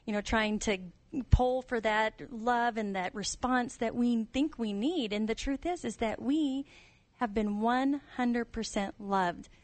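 A woman sharing a family story and reflecting earnestly on love in a relaxed talk-show chat. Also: fairly high pitch, measured pace, no echo. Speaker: guest author. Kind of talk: casual chat.

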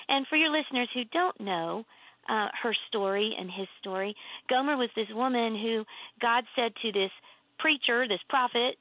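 A woman author guest in a casual faith conversation, telling earnest, animated stories with emphatic lifts in her voice. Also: on the high side, vocal fry, no room sound. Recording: tinny phone-like line.

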